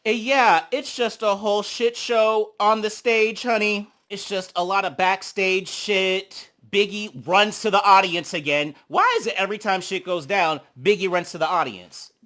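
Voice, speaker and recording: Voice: fairly even intonation, normal speed, hardly any pauses. A young adult host recapping a reality show reunion in casual, sassy commentary, swearing freely and acting out the cast's lines. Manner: sassy, gossipy, swears a lot, acts out quotes; big swings in pitch and loudness when reacting.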